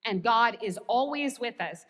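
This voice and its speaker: A woman's voice: a little high, lively intonation, measured pace, a bit bright. A female pastor with an American accent, preaching a sermon and telling a story with wry, self-deprecating humor, in a church sanctuary. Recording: long hall reverb.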